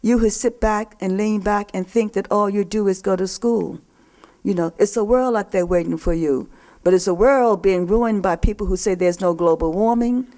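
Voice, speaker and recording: A woman's voice: medium pitch, a little mellow. An older woman, a poet and professor, gives a live talk to young people at a poetry festival. She speaks emphatically and repeats her key phrases for effect.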